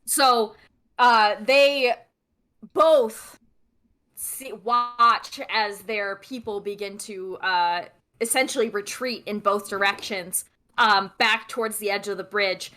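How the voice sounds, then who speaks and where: A young woman running a tabletop game as game master, chatty and narrating with many pauses and restarts. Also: medium pitch, sharp tone. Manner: chatty, lots of fillers and restarts while narrating.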